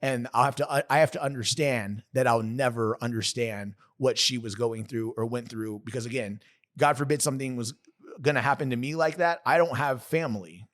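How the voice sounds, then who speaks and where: A man in his thirties, sharing a painful personal story on a podcast in an earnest, halting way, often stopping to restart or correct himself. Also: medium pitch, fairly bright tone. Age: 30s.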